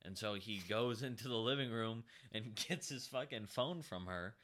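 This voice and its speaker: A young man casually telling a story, swearing and mimicking others. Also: normal speed. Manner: animated, swearing, mimics a shrill woman.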